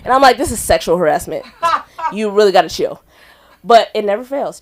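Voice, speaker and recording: A young woman on a comedy club stage, telling a rambling story with a giggly, animated energy. Her pitch swings high and low as she acts out other people's voices loudly. It sounds like a casual open-mic set. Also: a little fast. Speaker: stand-up comic at open mic. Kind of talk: stand-up storytelling.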